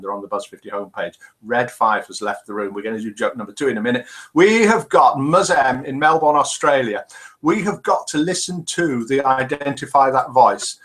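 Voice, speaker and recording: A man's voice: medium pitch, fairly bright tone. A man hosting a casual live stream, chatting and reading out viewer messages. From England. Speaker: live show host.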